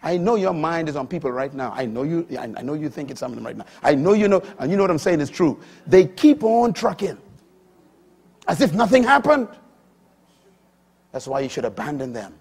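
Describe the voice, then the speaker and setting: A middle-aged man preaching a sermon with a husky voice. He swings from loud, emphatic proclamations to quiet asides. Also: medium pitch, lively intonation, quick pace, hardly any pauses.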